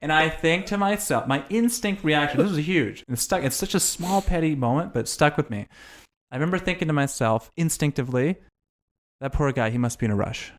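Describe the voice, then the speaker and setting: Dude swearing a lot, telling honest stories about himself, voice a bit high. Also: male voice, a little fast. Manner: candid, profane, self-reflective storytelling. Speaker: podcast guest. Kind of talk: casual storytelling in conversation.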